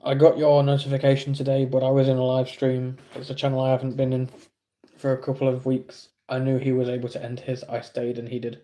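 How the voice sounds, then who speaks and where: A man's voice: mid-range voice, completely flat delivery, a little fast, mellow. A man with an English accent streaming live, chatting casually with viewers in a rambling, self-deprecating way.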